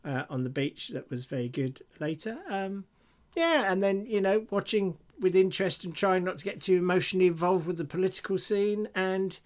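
A man's voice: sits high, moderate pace, hardly any pauses. A middle-aged British man co-hosting a podcast in casual chat, who laughs often and reads listener emails aloud. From Britain. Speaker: podcast co-host.

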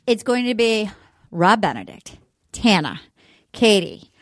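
A woman's voice: medium pitch, big pitch swings, measured pace, no room sound, clean studio sound. A woman co-hosting a podcast in casual chat, bubbly and rambling, often correcting herself mid-sentence. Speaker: podcast co-host. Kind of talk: casual chat, promoting a live show.

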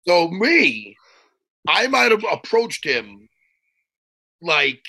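Animated gravelly man, podcast co-host. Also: high-pitched, drawn-out words, dry recording, poor audio. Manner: animated, jokey, acts out scenes. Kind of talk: casual chat.

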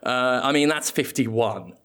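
A man's voice: medium pitch, a little slow, fairly bright tone. A man hosting a comedy podcast, rambling playfully through an absurd improvised story and laughing at his own jokes. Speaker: podcast host.

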